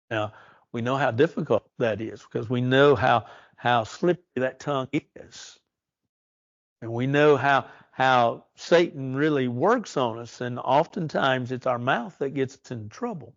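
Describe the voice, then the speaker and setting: A man teaching a church Bible study, earnest and slow on the verses he stresses. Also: mid-range voice, dry recording, muffled recording. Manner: earnest, reads verses slowly and emphatically.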